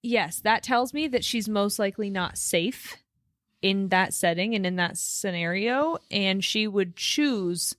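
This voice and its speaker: A woman's voice: mid-range voice, unhurried, fairly bright tone, dry recording, studio quality. Chatty, giggly American woman. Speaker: podcast co-host. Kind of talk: casual chat.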